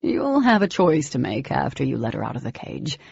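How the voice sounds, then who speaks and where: A woman's voice: very deep voice, sing-song, moderate pace, gravelly, darkish tone, husky, no echo, lo-fi sound, heavily acted. A woman voicing an older male villain, cold, smug and calculating, in a clipped, condescending manner.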